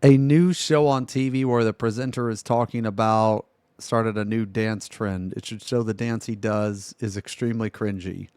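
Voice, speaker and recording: A young man streaming live, reacting loudly with blunt, profane jokes and laughter. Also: fairly low pitch, fairly even intonation, moderate pace, hardly any pauses, clean tone, no room sound.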